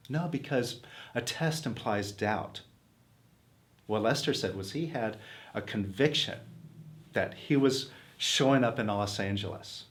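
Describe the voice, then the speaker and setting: A man's voice: mid-range voice, animated, unhurried. Earnest man giving a motivational talk. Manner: earnest, coaxing, rhetorical questions. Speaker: self-help teacher.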